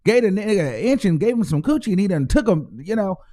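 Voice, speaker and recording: Over heavy background noise, a fast-talking man with a high voice hosts his own show. He gives casual, profane, animated commentary, acting out the voices of people he's describing.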